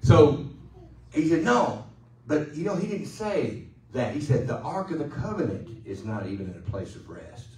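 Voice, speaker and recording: A male pastor preaching a sermon in a loose, conversational way, joking and pausing for the congregation to answer. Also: on the high side, big pitch swings, a little mellow, reverberant, recorded from a distance, poor audio. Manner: conversational, joking, with call-and-response. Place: church sanctuary.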